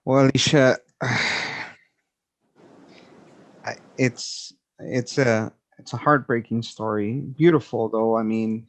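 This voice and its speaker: Man, host, mid pitch, gentle, hesitant, repeats words. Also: fairly even intonation, slow. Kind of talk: interview questions.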